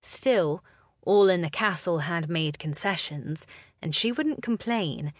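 A woman reads a historical novel as scripted narration, slow and measured. Her voice sits fairly low. The sound is dry and close, with no room around it. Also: lively intonation, no echo.

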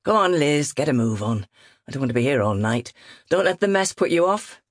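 A woman narrator voicing a brisk, offhand male estate agent in an audiobook. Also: sits low, sing-song, dry recording, clean studio sound, full character voice. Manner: brisk and breezy. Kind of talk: audiobook character reading.

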